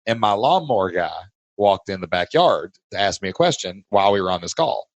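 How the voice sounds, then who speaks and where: Emphatic Southern man, low voice. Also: fairly quick, no echo, muffled recording. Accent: Southern US, Kentucky. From Southern United States. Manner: emphatic, energetic, pushes and challenges. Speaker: podcast host and business coach. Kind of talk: casual coaching chat.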